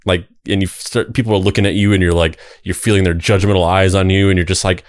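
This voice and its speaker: A man's voice: sits low, steady tone, fast talker, few pauses, no echo, clean studio sound. A man co-hosting a podcast who breaks in with wry jokes in casual banter. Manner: wry, jokey interjections. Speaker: podcast co-host.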